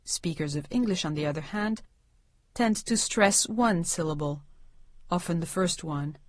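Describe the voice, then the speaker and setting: A woman giving scripted narration for a language course, with clear, measured enunciation that slows down for pronounced example words. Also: fairly low pitch, no echo.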